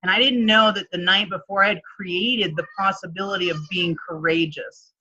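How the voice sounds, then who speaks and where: A woman coach telling a personal story in a casual interview, animated and chatty, often acting out what others said. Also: medium pitch, moderate pace, husky, lo-fi sound. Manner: animated, acts out quoted dialogue, frequent "like". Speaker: guest, transformation coach.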